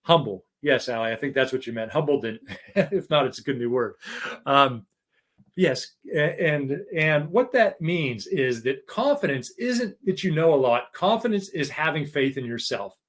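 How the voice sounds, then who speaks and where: A man's voice: on the high side, lively intonation, normal speed, fairly bright tone. A middle-aged man giving a conversational leadership masterclass, restarting phrases often and acting out short bits of dialogue. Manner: conversational, many restarts, acts out quoted dialogue. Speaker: keynote speaker on leadership. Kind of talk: live masterclass talk.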